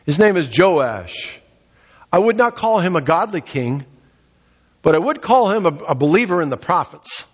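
A man's voice: sits high, sing-song, normal speed, slightly rough. A man preaching a sermon, reading a scripture passage aloud and explaining it earnestly. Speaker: pastor. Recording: dull lo-fi sound with long hall reverb.

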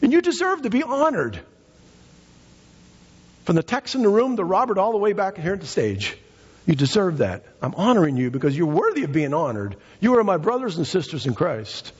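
A man's voice: high voice, very animated, moderate pace, husky. A male pastor preaching a fervent, emphatic sermon in a church, often repeating his phrases for emphasis. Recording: reverberant hall, dull lo-fi sound.

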